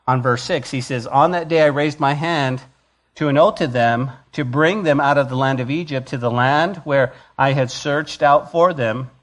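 A man preaching a sermon to a church, swinging between loud emphatic lines and quiet, intimate ones. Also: mid-range voice, moderate pace. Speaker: pastor.

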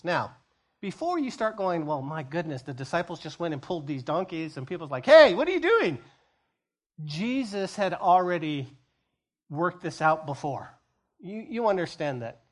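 This sermon comes from a male pastor with a fairly high voice. He plays out scenes through quick back-and-forth dialogue and hammers key phrases by repeating them.

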